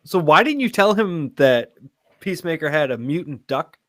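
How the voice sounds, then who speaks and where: A man's voice: a little high, very animated, normal speed, fairly bright tone. A man co-hosting a casual review podcast, telling stories in a laid-back way. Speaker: podcast co-host.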